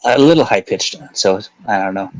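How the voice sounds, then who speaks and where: A man's voice: lowish voice, lively intonation, moderate pace, rough recording. Hesitant man chatting on stream. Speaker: stream guest. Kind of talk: casual chat on a stream.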